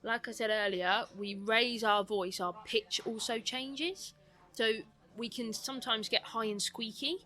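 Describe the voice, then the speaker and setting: A woman's bright, fairly high voice carries a mixed British accent with a London twang. She has a slight lisp and talks quickly and animatedly, like a coach mentor chatting on a podcast. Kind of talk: podcast conversation.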